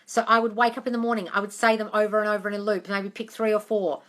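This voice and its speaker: A woman's voice: mid-range voice, little pitch movement, quick pace, fairly bright tone. A woman answering viewers' questions on a casual livestream, frank and emphatic, swearing freely and calling everyone darling. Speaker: manifestation coach answering live questions.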